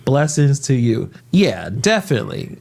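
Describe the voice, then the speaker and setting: A man hosting a reaction video delivers opinionated, lecturing commentary. His voice rises and falls in a lively way at a mid pitch. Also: normal speed, gravelly. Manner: opinionated, preachy, rhetorical questions.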